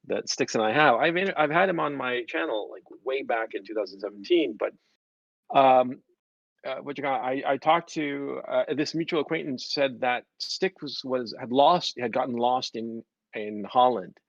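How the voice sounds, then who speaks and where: A man of middle pitch hosts a casual stream chat, telling rambling, profane stories with lots of animation. His mic sounds dry and somewhat dull, with no room around it. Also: normal speed, vocal fry, dry recording. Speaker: stream host.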